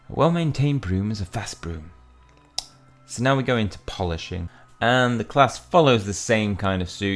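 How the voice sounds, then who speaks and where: A young man casually commentating a mobile game he plays, chatting loosely and reading the in-game text aloud as he goes. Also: lowish voice. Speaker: mobile game let's-play host.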